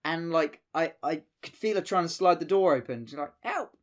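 A man's voice: a little high, a little fast. A young man telling a rambling, sweary anecdote in casual chat, full of fillers.

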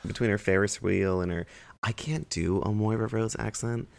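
Male game master, very low and heavily gravelly voice, blunt and emphatic in casual talk. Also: steady tone, moderate pace, darkish tone, a little hiss or hum. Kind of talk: casual chat.

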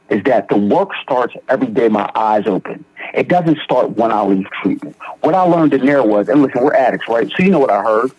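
A man's voice: medium pitch, husky, no room sound, muffled recording. A young man from Philadelphia, telling his recovery story in conversation with slang and repeated starts. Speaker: guest in recovery. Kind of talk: personal testimony in conversation.

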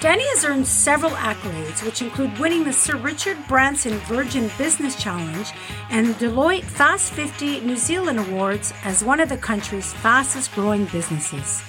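A woman's voice: a little high, expressive, normal speed, over music. A woman hosting a branding podcast, reading a scripted intro and then chatting upbeat with a guest. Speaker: podcast host. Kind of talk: scripted intro then casual interview chat.

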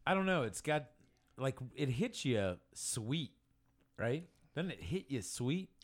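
A man's voice: medium pitch, very animated, slow pace. Hesitant man chatting about beer. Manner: hesitant, overthinking, restarts a lot. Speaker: podcast co-host. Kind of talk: casual chat, beer review.

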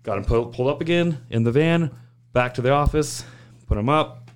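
A man casually telling an animated, profane story about his old job, acting out other people's lines as he goes. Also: mid-range voice, moderate pace. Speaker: guest recounting work stories.

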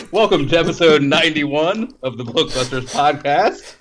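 A man's voice: fairly high pitch, animated, normal speed, a bit bright. A man co-hosting a film review podcast in casual chat, rambling, self-deprecating and laughing often. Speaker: podcast co-host.

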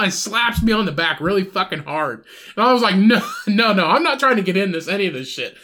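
A high-pitched man tells a bar story with a lot of cursing, slipping into quick voices for the people in it. His talk rambles, with restarts, and it has the easy feel of a podcast chat between friends. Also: expressive, a bit bright. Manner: profane, rambling, acts out other people's voices. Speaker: podcast host.

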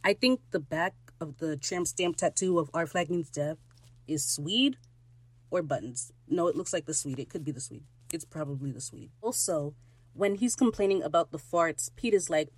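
A woman hosting a podcast, recapping a TV episode in casual chat, excitable and gushing, jumping loud and high when thrilled. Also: normal speed, breathy edge, no echo, rough recording. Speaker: podcast host.

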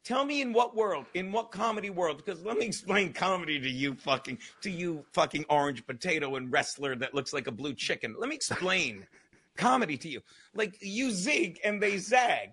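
A man with a high, bright, forceful voice tears into a bad joke on a live comedy stream. He swears freely and talks over whoever tries to cut in, driving the rant hard. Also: normal speed, slightly rough. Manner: profane, animated, talks over others. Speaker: podcast guest comedian.

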